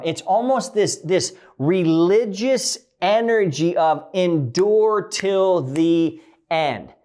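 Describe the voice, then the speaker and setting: A man's voice: animated, takes it slowly. Blunt, profane male relationship coach. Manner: blunt and profane, swings between loud emphasis and low quiet lines. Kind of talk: direct coaching monologue.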